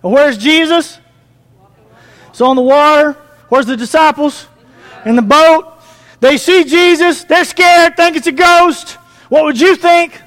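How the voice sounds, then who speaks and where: High-voiced man preaching in a big hall. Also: unhurried, long pauses. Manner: animated, asks the congregation questions. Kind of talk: sermon. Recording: long reverb of a church hall.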